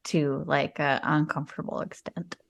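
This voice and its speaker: A woman co-hosting a casual podcast chat in a low-key, wry way. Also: flat delivery, moderate pace, gravelly. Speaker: podcast co-host.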